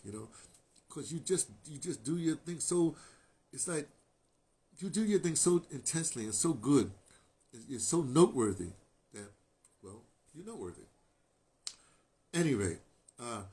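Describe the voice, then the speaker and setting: An older man, a radio artist, tells a long personal story with animation and emotion, full of restarts and asides. His voice is mid-range.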